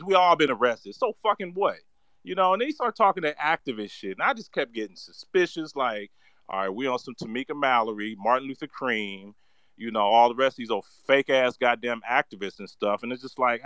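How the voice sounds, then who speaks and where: A man rants in a heated, mocking way, his voice swinging widely and sitting a bit high. The tone is bright and sharp. The sound is dry and close. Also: dry recording. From San Francisco Bay Area. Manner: heated, mocking, full of slang and cursing. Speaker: political commentator. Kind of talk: profane ranting commentary.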